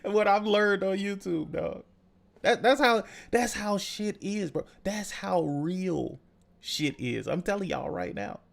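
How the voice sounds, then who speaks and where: A young man hosting a podcast, telling a story in casual, profane, animated chat. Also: sits high, a little slow, gravelly. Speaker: podcast host.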